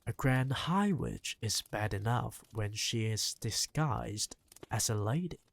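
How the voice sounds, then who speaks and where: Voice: medium pitch, lively intonation, slow pace, creaky, dry recording, full character voice. A reader voicing a spirited, bossy old grandmother in an audiobook, talking impatiently and rousingly. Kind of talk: audiobook reading.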